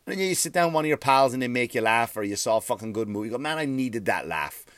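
A man's voice: mid-range voice, expressive, very fast, no room sound. A man, a comedian hosting his own podcast, ranting in a rambling way, swearing freely and restarting his sentences. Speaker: stand-up comedian and podcast host. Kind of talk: profane comic rant.

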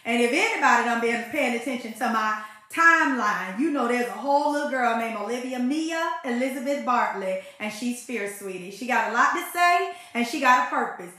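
A woman's voice: a little high, lively intonation, normal speed, pushed and bright. A woman sharing a personal faith testimony in an emphatic, conversational way. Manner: emphatic, conversational, folksy exclamations. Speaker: faith podcast host. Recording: very echoey room.

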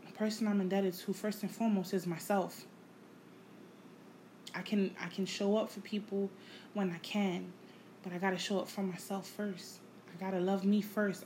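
A woman hosting her own podcast, talking without a script in a reflective, halting way, repeating phrases and swearing casually. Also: medium pitch, dark tone, slight background noise, low-quality recording. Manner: emotional, candid, casual swearing. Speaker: podcast host. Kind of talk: unscripted personal monologue.

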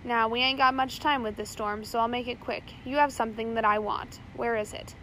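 A woman's voice: fairly high pitch, fairly quick, a little hiss or hum, lightly acted, low-quality recording. A woman reading the lines of a cool, menacing male pirate captain in a storybook. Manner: calm, threatening.

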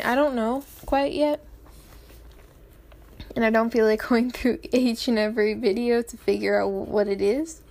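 Slow-talking chatty teenage girl, high voice. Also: mellow. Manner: rambling, chatty, giggly, apologetic asides. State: throat sore, tongue feels swollen. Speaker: vlogger. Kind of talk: casual chat.

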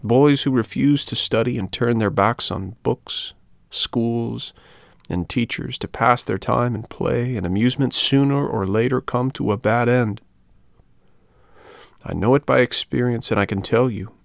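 A man voicing a sorrowful donkey who warns in a hushed, mournful voice. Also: mid-range voice, a little slow, creaky, dry recording, studio quality. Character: sorrowful weeping donkey, low and warning.

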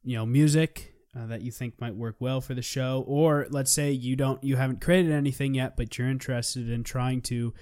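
A man's voice: medium pitch, steady tone, normal speed, few pauses, a little mellow. A man co-hosting a podcast in casual chat, rambling and joking, laughing at his own lines. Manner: rambling and jokey, laughs often. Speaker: podcast co-host.

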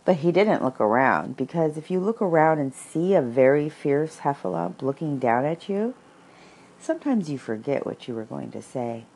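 A woman with a low, slightly husky voice reads a storybook aloud. She takes her time, and her voice rises and falls in a lively, expressive way. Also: moderate pace. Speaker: reader.

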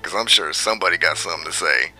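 A man's voice: low voice, quick pace, bright, forceful tone, faint music behind. A man vlogging a brash, profane rant and laughing often at his own jabs.

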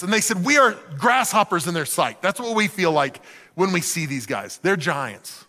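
A man preaching a sermon in an animated way, acting out the voices of the people in the story. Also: a little high, normal speed, in a large hall. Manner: animated, acts out quoted voices. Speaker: pastor.

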